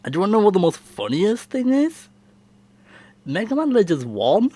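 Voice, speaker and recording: A man's voice: high-pitched, wildly swooping pitch, moderate pace, dark tone, slightly rough. A young man casually answering viewer questions on his channel, talking in a chatty, rambling way and often laughing. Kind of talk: casual Q&A chat.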